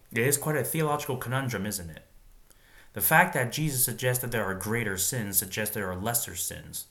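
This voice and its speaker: Reading scripture aloud, this man breaks off to wonder informally about its meaning before carrying on. His voice is mid-range with a fairly bright tone, and he serves as a Bible reader and commentator.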